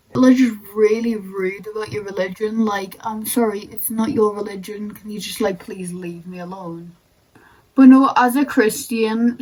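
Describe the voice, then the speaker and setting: A woman's voice: fairly high pitch, low-quality recording. A young woman vlogger ranting bluntly and sarcastically while doing her makeup in casual chat. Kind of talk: get-ready-with-me ranting chat.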